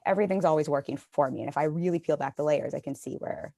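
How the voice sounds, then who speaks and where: A woman's voice: deep voice, fast talker, gravelly, warm tone, dry recording, clean studio sound. A woman hosting a live stream interview, chatting casually and self-deprecatingly, with the odd swear word.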